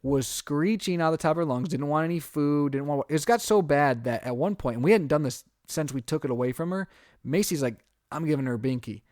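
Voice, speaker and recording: Guy on a podcast telling a long story, kinda high voice, acts out what he said, dry mic. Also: brisk, dry recording. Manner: animated storyteller, acts out his own reactions. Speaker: podcast co-host. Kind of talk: casual storytelling chat.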